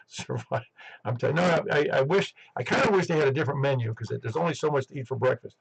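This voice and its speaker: Gravelly, quick-talking radio net host. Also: male voice, fairly high pitch, low-quality recording. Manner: rambling, chatty, self-interrupting. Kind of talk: casual radio net chat. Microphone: headset.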